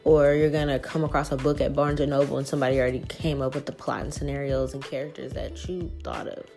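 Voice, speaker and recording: A woman giving a casual, profane spiritual reading who acts out people's reactions in quick little voices. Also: rumbling low, steady tone, gravelly, a little mellow, soft background music. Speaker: tarot reader.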